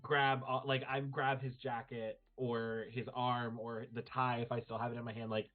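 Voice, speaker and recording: A man's voice: mid-range voice, flat delivery, moderate pace. A man playing a tabletop role-playing game, flirty and playful in character. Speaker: player. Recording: tinny phone-like stream audio.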